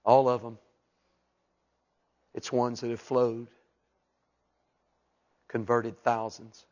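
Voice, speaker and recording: A man preaching a fiery sermon, dropping to hushed asides and rising to loud shouted peaks. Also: mid-range voice, flat delivery, extremely slow, dull audio.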